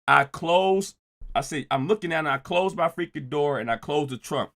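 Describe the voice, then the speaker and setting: A man's voice: a little high, expressive, normal speed, creaky, fairly bright tone. A man telling a personal story in a casual, profane, slangy way, often checking in with "right?". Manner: keeps adding "right?" to check with listeners.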